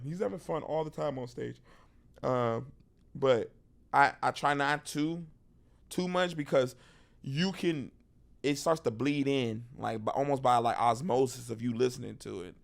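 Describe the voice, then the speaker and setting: Gravelly comedian telling animated stories. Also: male voice, mid-range voice. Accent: Texan. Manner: animated storyteller, acts out crowd voices. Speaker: stand-up comedian, podcast guest. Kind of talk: casual interview chat.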